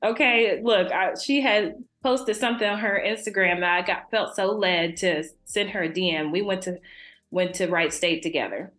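A young adult woman, a podcast guest, talking casually and warmly about faith and laughing often. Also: mid-range voice, moderate pace, reverberant, soft background music. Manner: warm, chatty, laughs often.

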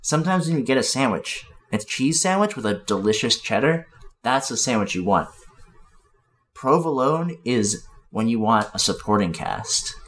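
A man's voice: mid-range voice, moderate pace. A man co-hosting a casual podcast, arguing his points with heavy swearing and emphatic enthusiasm. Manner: profane, emphatic, animated arguing. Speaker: podcast co-host. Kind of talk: casual chat.

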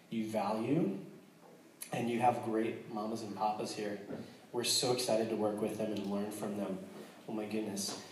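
Set far back from the mic in a very echoey space, an American missionary with a fairly low voice gives a casual testimony to a congregation. He talks earnestly, slips in jokes, and restarts sentences often, on a low-quality recording with slight background noise.

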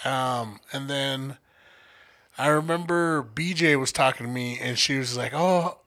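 A young man co-hosting a podcast, telling a story in casual chat, profane and animated. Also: medium pitch, measured pace. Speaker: podcast co-host.

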